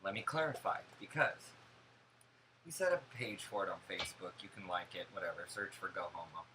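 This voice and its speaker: A young man telling stories in a casual vlog, animated, gossipy and sarcastic. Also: deep voice, a little fast, background noise. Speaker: vlogger.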